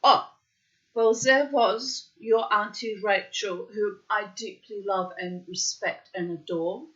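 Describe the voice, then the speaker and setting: A woman's voice: medium pitch, steady tone, slow, a bit bright, voice pushed up. A woman putting on her coy, theatrical mother. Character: the narrator's flirtatious, theatrical middle-aged mother. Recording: dull lo-fi recording.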